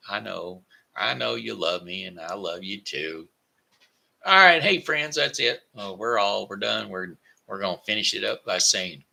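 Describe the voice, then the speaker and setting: A man with a lowish, gravelly voice hosts his own daily live stream. His tone is sharp and tense. He talks in a folksy, rambling way, full of homespun asides to his viewers. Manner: breaks into a homespun goodbye song. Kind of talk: casual live-stream chat.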